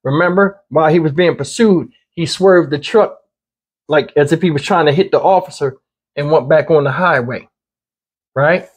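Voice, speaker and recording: Husky high-voiced man commenting bluntly. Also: darkish tone. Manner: conversational, blunt, repeats points. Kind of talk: casual commentary.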